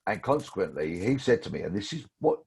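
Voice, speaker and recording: Husky, low-voiced man in his sixties. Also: a little fast. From London. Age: 60s. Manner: lively anecdotal storytelling. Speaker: guest, former police detective. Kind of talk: storytelling interview.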